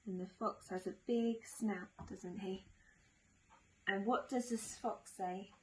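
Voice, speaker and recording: Slow sing-song nursery teacher woman. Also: medium pitch, fairly even intonation, slight background noise, poor audio. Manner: sing-song, slow and gentle with tag questions. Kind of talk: storytelling lesson for young children.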